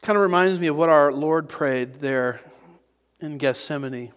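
Slow, earnest preacher in a reverberant hall. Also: male voice, on the high side, smooth. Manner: earnest, emphatic preaching with dramatic pauses. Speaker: pastor. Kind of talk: expository sermon.

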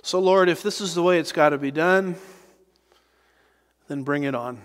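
A man preaching a sermon as a pastor, earnest and emphatic, with dramatic pauses. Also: fairly high pitch. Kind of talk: expository sermon. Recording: reverberant hall.

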